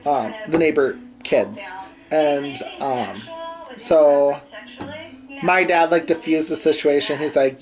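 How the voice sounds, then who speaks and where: A man's voice: a little high, slow pace, a little mellow, rough recording. A young man recounts a personal story in a casual home vlog. He rambles loosely, piling on fillers and "like"s as he goes. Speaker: vlogger. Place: home bedroom with a TV on.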